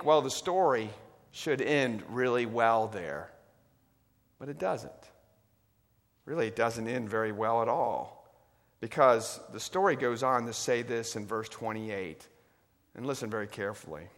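A man's voice: mid-range voice, lively intonation, unhurried, long pauses. Preacher man telling a story in a big echoing hall. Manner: dramatic, swings from loud to hushed. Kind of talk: sermon storytelling. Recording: long reverb of a large hall.

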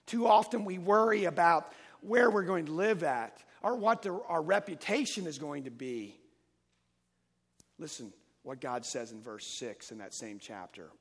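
A man preaching a Sunday-morning sermon, emphatic and rising and falling in loudness as he reads and explains scripture. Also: medium pitch, in a large hall. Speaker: pastor.

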